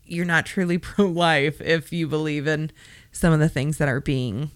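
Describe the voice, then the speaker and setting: A woman's voice: sits low, fairly even intonation, normal speed, clear, resonant tone, no echo. A woman co-hosting a podcast, telling a story in casual chat with frequent swearing and sassy asides. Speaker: podcast co-host.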